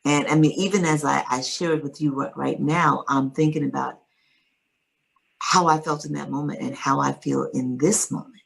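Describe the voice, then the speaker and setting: A woman's voice: extremely low pitch, fairly even intonation, normal speed, gravelly, low-quality recording. A woman guest author telling a personal story in an interview, earnest and emphatic.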